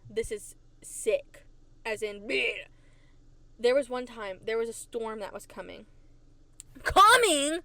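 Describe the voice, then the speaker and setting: Chatty woman podcast host, higher voice. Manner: chatty, animated, repeats herself for emphasis. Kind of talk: casual storytelling. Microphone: desk microphone.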